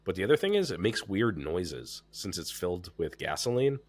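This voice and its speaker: A man with a very deep voice, congested and stuffed up, chatting casually as a podcast host. He talks loosely, with plenty of fillers and swearing. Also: moderate pace. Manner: relaxed, swears freely, many fillers. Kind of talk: casual chat.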